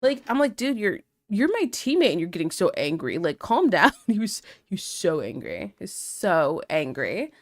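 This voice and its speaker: A woman's voice: lowish voice, big pitch swings, normal speed, hardly any pauses. Chatty young woman streamer, laughing often. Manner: chatty, laughs often, reads chat aloud. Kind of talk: casual live-stream chat.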